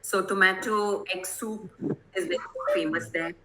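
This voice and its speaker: A woman's voice: mid-range voice, fairly even intonation, moderate pace, over a noisy crowd, low-quality recording. A woman from Kerala, giving an online lecture to teachers over a video call, explaining things patiently and often checking whether her listeners follow. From Kerala, India. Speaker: guest presenter.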